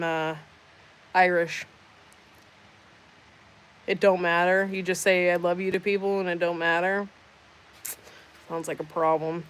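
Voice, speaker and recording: Slow, low-voiced woman livestream host. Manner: sarcastic, teasing banter with chat. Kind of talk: casual livestream chat reading comments.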